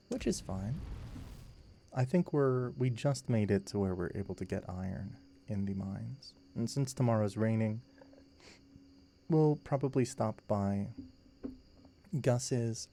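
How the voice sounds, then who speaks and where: A man giving slow, soft, musing commentary over a farming video game, meant to help listeners fall asleep. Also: lowish voice, gravelly, slight background noise. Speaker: gameplay commentator. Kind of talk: relaxed sleep gameplay commentary.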